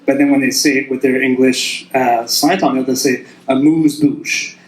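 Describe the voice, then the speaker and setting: A man's voice: medium pitch, flat delivery, fairly quick. A man in his thirties doing a rambling, self-deprecating stand-up set on a club stage. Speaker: stand-up comic. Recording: echoey club with crowd.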